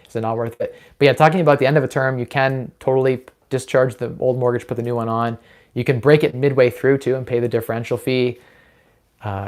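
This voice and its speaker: A man's voice: medium pitch, a little mellow. A young man hosting a casual live Q&A stream, talking upbeat and persuasive with frequent fillers and restarts. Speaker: host of a live Q&A on personal finance.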